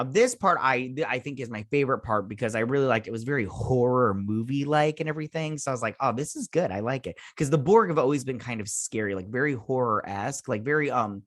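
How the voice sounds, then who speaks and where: A medium-pitched man, the show's host, reviews an episode casually, rambling with lots of fillers, restarts, and self-interruptions. The recording is dry with a clean studio sound.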